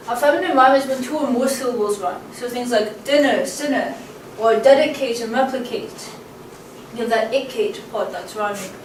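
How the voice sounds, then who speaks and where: Captured from a distance by a camcorder in an echoey room with faint hum, a poetry teacher with a fairly high voice leads a casual lecture. She's chatty, says um and uh a lot, and taps out stress patterns aloud.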